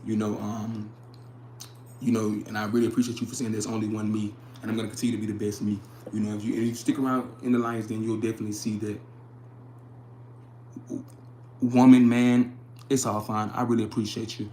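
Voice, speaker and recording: A man's voice: fairly low pitch, level tone, fairly quick, long pauses, dark tone, roomy sound, a little hiss or hum. A young man hosting a casual livestream, talking earnestly, repeating his phrases and reading chat comments aloud. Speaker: livestream host.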